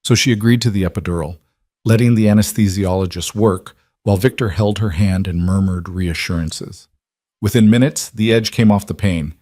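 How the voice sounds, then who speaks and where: A man reading a dramatic story as scripted narration, in an even, measured way. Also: fairly low pitch, dry recording, clean studio sound.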